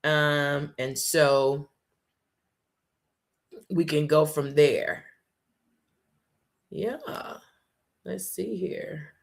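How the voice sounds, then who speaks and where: A woman's voice: low voice, extremely slow, creaky, pauses often. A woman hosting a casual live talk, speaking emphatically and repeating her points, calling her listeners y'all. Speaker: host.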